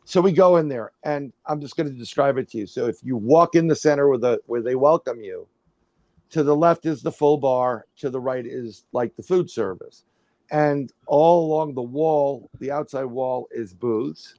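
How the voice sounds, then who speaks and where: On a livestream, a middle-aged male guest who researches the paranormal tells a casual, animated story, rambling, restarting, and acting out what people said. His voice sits in the mid-range, his pace is moderate, and there is no echo.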